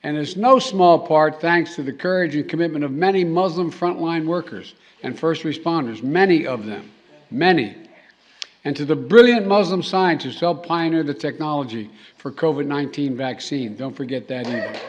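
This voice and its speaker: A man speaking at a formal reception, halting and restarting, with joking asides to the audience. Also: on the high side, lo-fi sound. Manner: halting, with repeated words and trailing restarts; jokey asides to the crowd. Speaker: president giving a speech. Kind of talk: formal speech with off-the-cuff asides. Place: formal reception hall, indoors.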